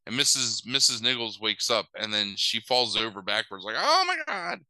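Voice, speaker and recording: Bright, crisp man giving a rambling recap. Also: on the low side, steady tone, normal speed, no room sound, poor audio. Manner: rambling, full of "like" and "um", wry asides. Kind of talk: casual movie recap.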